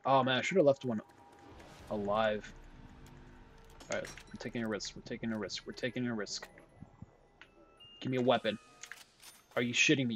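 A young man giving jokey, excitable gameplay commentary, talking to himself, his voice starting to go hoarse. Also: mid-range voice, moderate pace, pauses often, soft background music. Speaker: gaming commentator.

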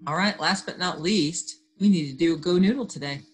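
A woman's voice: on the low side, brisk, husky. A woman teacher leading an online class, upbeat and talking through each step. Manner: upbeat, talks through her screen steps.

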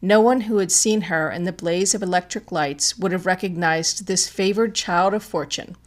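A woman narrating a classic detective story in an audiobook, with a measured, expressive reading. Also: on the low side.

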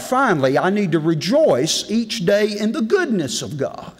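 Folksy high-voiced preacher man. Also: very animated, normal speed, few pauses. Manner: folksy storytelling preacher, swings between loud and hushed. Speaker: preacher leading a devotion. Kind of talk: sermon. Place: large legislative chamber. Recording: long reverb in a big hall.

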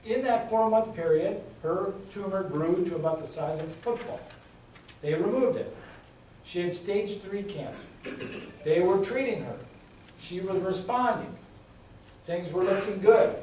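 In an indoor meeting room, a middle-aged congressional hopeful makes his campaign speech with folksy anecdotes and repeated emphasis. His high voice is a little mellow. There is slight background noise, and the sound is echoey and distant.

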